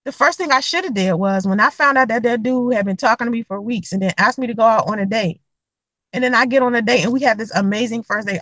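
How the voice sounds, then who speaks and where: A young woman telling a dating story to camera in a blunt, profane, animated way, acting out the quotes. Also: on the high side, no room sound, poor audio. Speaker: vlogger giving dating advice.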